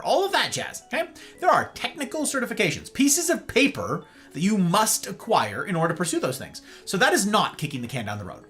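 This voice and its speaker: A man hosts a live-streamed talk with a lively, swooping delivery, full of emphatic points and wry sarcasm. His tone is bright and forceful, and soft instrumental music plays faintly behind him. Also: high-pitched. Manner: emphatic, animated and sarcastic, with playful asides. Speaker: host. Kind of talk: livestreamed talk monologue.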